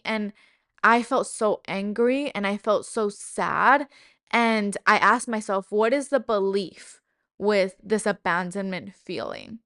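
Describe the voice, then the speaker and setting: A woman's voice: medium pitch, takes it slowly, fairly bright tone, dry recording, studio quality. A woman hosting a self-help podcast, speaking candidly and emotionally about her own experience, with casual swearing. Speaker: podcast host. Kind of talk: personal self-help monologue.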